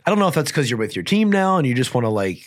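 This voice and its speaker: A man's voice: mid-range voice, big pitch swings. A man chatting casually as an interview guest, telling rambling stories full of fillers. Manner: fast, rambling storytelling with many fillers. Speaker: guest fighter. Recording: audio-only podcast.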